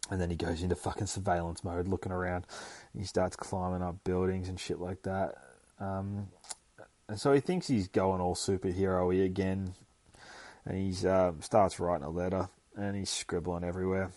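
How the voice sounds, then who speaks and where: A man's voice: low voice, steady tone, normal speed, warm tone, no room sound. A man hosting a casual, rambling comic book recap with lots of swearing and self-corrections. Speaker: podcast host.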